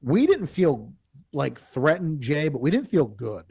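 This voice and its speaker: A man's voice: fairly high pitch, a little slow, vocal fry, husky, no echo. Man animatedly telling a campfire story. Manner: animated, acts out quoted speech; rambling with frequent restarts. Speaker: guest telling a field story. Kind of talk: live interview storytelling.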